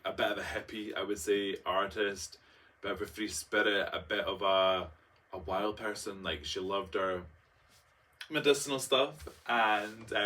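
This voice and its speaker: A man's voice: fairly low pitch, fairly bright tone. A young man telling a personal story in a chatty, dramatic vlog style, full of fillers and acted-out quotes. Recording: voice a bit far from the mic.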